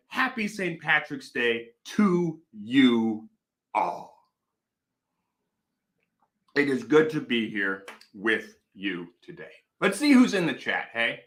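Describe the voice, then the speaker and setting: A man hosts a casual live stream from home, chatting into a desk microphone. His voice is bright and his pitch moves all over. He rambles playfully and tells stories in a mock-serious way. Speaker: host.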